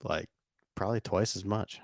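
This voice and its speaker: A man co-hosting a comedy podcast, tossing in quick crude wisecracks. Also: on the low side, dry recording, studio quality. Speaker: podcast co-host.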